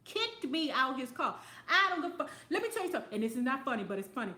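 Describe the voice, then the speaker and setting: A high-pitched woman talks straight to her audience, swearing freely and laughing through her own stories. She is a show host answering viewer comments in a loose, lively monologue. Her voice rings off the walls of an echoey room. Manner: animated, profane, storytelling, quick to laugh. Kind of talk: casual talk show monologue.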